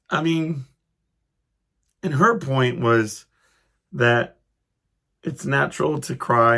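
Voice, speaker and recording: Gravelly podcast guy rambling thru a story, keeps cutting himself off, chuckles a lot. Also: medium pitch, a bit bright. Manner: rambling, self-interrupting, chuckling as he goes. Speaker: podcast host. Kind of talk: casual storytelling monologue.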